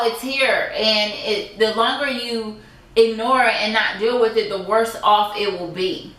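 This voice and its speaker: A woman's voice: on the high side, fairly bright tone. Indignant woman vlogger in an echoey room. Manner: indignant, emphatic, repeating phrases. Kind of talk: emotional personal vlog.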